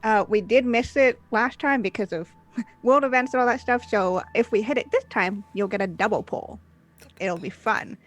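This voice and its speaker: A woman with a fairly high voice opens a tabletop role-play stream as game master, speaking at a moderate pace. She's upbeat and chatty, using lots of filler sounds as she gives the intro and announcements.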